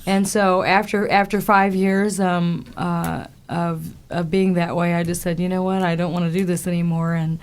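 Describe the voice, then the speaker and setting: Halting, soft-spoken woman guest. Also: on the low side, level tone, clear, resonant tone. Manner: halting, many restarts, laughs easily. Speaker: guest musician. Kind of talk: casual interview chat. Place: radio studio.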